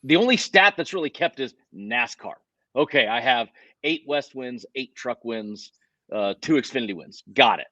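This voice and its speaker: A male racing driver tells stories in a casual interview, speaking animatedly with many restarts and self-corrections. His voice is medium-pitched at a normal speed. The audio sounds dull and has no echo.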